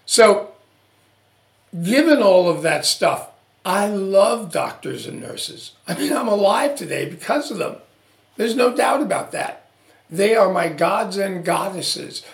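A man hosting a podcast, telling a personal story in an animated way and acting out the dialogue. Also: sits high, slow pace, echoey room. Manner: animated, acts out quoted dialogue. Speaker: podcast host. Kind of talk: storytelling monologue.

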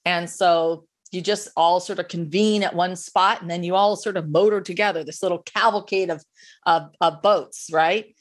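A woman guest in an interview, animated and chatty, coaching on sales follow-up with frequent restarts. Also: on the low side, moderate pace. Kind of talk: conversational interview, giving advice.

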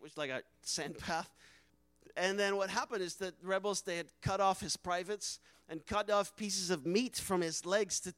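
High-voiced man telling an earnest testimony. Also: fairly bright tone, no room sound, rough recording. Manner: earnest, emotional, acts out quoted dialogue. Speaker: missionary speaker. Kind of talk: personal testimony storytelling.

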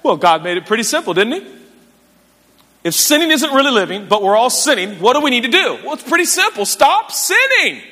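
Man, pastor, sermon, animated and self-mocking, lively pitch, long church echo. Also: fast. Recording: echoey church hall.

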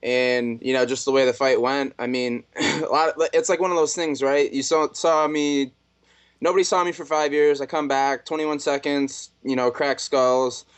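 A man being interviewed over a video call, casual and animated as he recounts stories. His pitch sits in a middle range, and his delivery stays relaxed throughout. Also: moderate pace, clear, resonant tone. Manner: laid-back, animated storyteller. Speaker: fighter guest.

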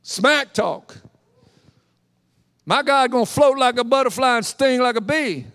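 A high-voiced male preacher delivers his sermon as a lively, joking story, acting out each scene. His voice rings through a large church with a long, trailing reverb. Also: measured pace.

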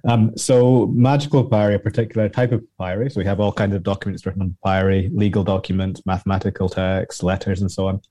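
A man answering as an academic guest in an interview, explaining at length with frequent pauses and restarts. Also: sits low, level tone, dark tone, dry recording. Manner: explanatory, many ums and restarts.

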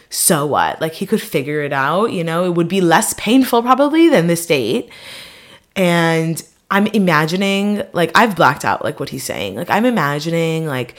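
Chatty woman telling a story. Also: on the low side. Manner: chatty, lots of fillers, quotes people in bursts. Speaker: vlogger. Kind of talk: casual storytelling.

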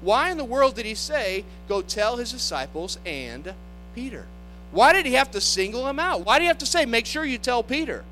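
Guy preaching, really high voice, acts out the quotes, faint music behind. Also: big pitch swings, moderate pace, bright, forceful tone, poor audio. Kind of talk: sermon.

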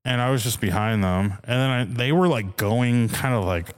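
A man's voice: mid-range voice, lively intonation, normal speed, clean tone. A man on a podcast, telling a road story in casual chat, acting out the quotes and swearing as he laughs. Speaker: podcast co-host.

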